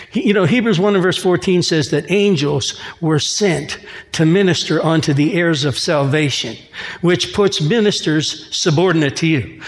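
A man's voice: a little high, big-room sound. A man preaching a sermon in a church, reading scripture and mixing in casual asides and jokes. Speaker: pastor.

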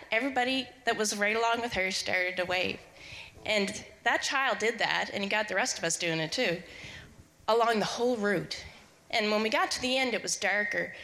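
Bright-voiced woman telling a story at church. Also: fairly low pitch, long reverb tail, low-quality recording. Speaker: congregation member sharing a story. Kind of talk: testimony to a congregation. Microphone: handheld mic.

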